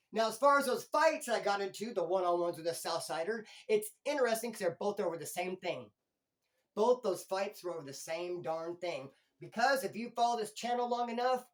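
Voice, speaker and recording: A middle-aged man hosting his own channel, telling a story in street slang and swinging between loud and hushed. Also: high-pitched. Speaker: YouTube channel host. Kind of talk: storytelling monologue.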